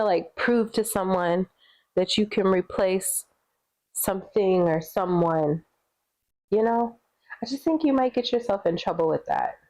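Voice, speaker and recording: A woman's voice: fairly low pitch, vocal fry, warm tone, highs cut off. A woman giving casual tarot readings, chatty and rambling with lots of fillers, laughing easily. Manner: sings song snippets between readings. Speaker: tarot reader.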